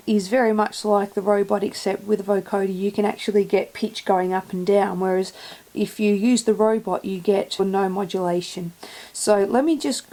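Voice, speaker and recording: Mellow, gravelly woman explaining gear. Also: medium pitch, poor audio. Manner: plain step-by-step explaining with "um" fillers. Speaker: music gear demonstrator. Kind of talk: hands-on product tutorial.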